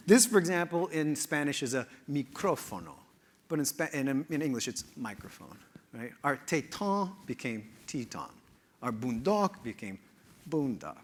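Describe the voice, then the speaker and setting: A man giving a playful, animated talk on word origins, dropping often to low, quiet asides. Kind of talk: lively presented talk.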